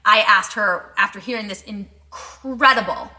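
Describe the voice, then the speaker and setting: A woman co-hosting a podcast, telling a story in animated casual chat, full of fillers and quoted back-and-forth. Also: mid-range voice, moderate pace. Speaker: podcast co-host.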